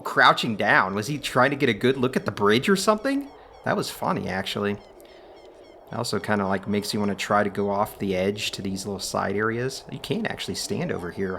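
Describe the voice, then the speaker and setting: A man hosting a video game let's play, giving relaxed, chatty commentary full of filler words. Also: on the low side, a little hiss or hum. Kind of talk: casual gameplay commentary.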